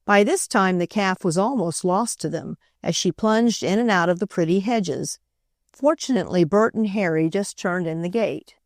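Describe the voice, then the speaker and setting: A woman narrating a classic children's storybook in a steady, clear reading voice. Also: medium pitch, moderate pace, no room sound, clean studio sound. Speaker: audiobook narrator.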